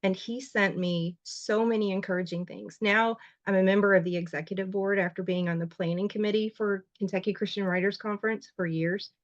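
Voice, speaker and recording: A woman, a writer and journalist, telling her story as a guest on a podcast interview, heartfelt and expressive, her voice leaping up when she gets emotional. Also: a little fast, few pauses, no room sound, highs cut off. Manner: voice jumps high when emotional.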